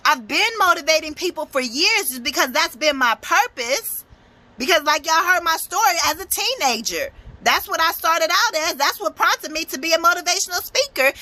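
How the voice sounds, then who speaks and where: Speaking at an extremely high pitch, this young woman delivers a forceful, bright-toned tarot reading meant to motivate. She is blunt, emphatic and profane, as befits her work as a motivational speaker and tarot reader.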